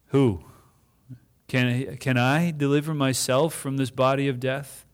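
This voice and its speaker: A man's voice: medium pitch, steady tone, unhurried, smooth. A man preaching a sermon in a conversational way, asking the congregation questions and voicing imagined speakers.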